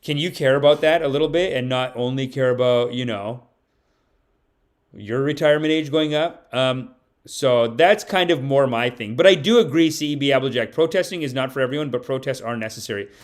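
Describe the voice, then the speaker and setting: A man's voice: medium pitch, brisk. A comedian streaming live, a man chatting loosely with his audience and reading donations, with many "like"s. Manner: rambling, many "like"s.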